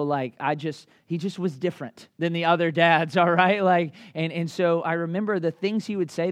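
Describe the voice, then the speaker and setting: A man in his thirties delivers a sermon in a loose, chatty way, dropping fillers and asking the room questions. His voice sits high for a man, and the sound is close and dry with no room echo. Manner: conversational, lively, with many fillers and asides. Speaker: pastor.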